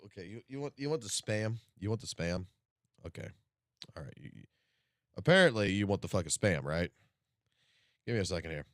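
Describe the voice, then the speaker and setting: A man hosting a live stream, chatting casually and excitably with plenty of profanity, straight to his chat. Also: mid-range voice, no room sound, clean studio sound. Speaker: livestream host. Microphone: studio streaming mic.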